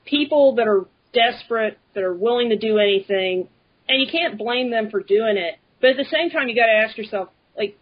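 A woman's voice: a little high, lively intonation, brisk. A woman co-hosting a podcast, talking casually with many fillers. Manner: chatty, lots of fillers. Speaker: podcast co-host. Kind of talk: casual chat. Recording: lo-fi dull audio.

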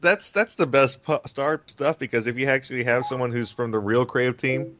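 A man's voice: mid-range voice, brisk, noisy background. A man co-hosting a casual podcast, rambling with many stammering restarts and frequent laughter. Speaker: podcast co-host.

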